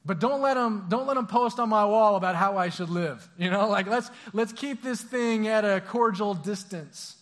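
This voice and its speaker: Young male pastor, high voice, casual sermon, acts out voices, lots of restarts. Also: moderate pace, few pauses, fairly bright tone. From Southern California.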